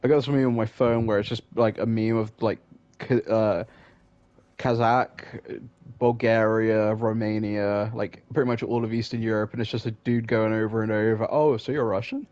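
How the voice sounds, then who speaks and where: A man chatting casually with a streamer, in relaxed banter that is full of swearing. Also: fairly low pitch, normal speed, no echo, muffled recording. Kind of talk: casual chat.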